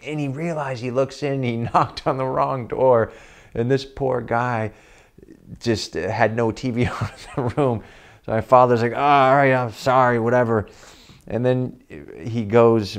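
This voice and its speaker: A man telling a funny personal story, chuckling often as he talks. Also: medium pitch. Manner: amused, chuckling as he tells it. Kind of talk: comic personal anecdote.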